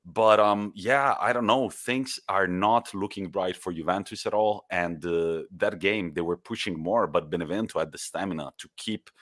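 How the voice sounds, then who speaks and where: A man co-hosting a podcast, telling football stories in a lively way with laughs and the odd swear word. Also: sits low, moderate pace, few pauses. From Italy. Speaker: podcast co-host. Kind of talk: casual football chat.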